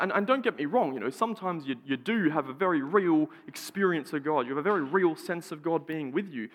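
A young Australian man giving a sermon, telling a personal story in an animated way with stammered restarts. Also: fairly high pitch. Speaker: preacher. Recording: long hall reverb.

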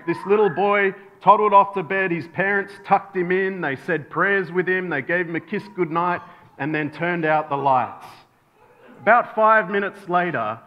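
A man's voice: on the high side, lo-fi sound. A male pastor preaching a sermon, telling a bedtime story and acting out the voices in it. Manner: storytelling, acts out voices in anecdotes.

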